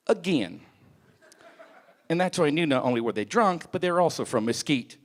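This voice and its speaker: Male comedian, mid-high voice that swings widely, crude storyteller at a club mic. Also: a little fast, long pauses. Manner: profane, animated storytelling. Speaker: stand-up comedian. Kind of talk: stand-up comedy set.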